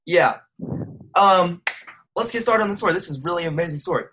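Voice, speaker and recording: Fast-talking young man telling a story. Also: high voice, fairly bright tone, slightly rough, poor audio. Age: young adult. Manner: rambling, self-correcting, slangy. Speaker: interview guest, rapper. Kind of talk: casual storytelling.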